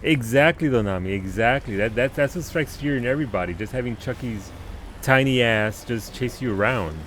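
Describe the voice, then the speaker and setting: A man streaming a video game live, commenting on the action and replying to chat in an excitable way, swearing and laughing often. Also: mid-range voice, moderate pace, slight background noise.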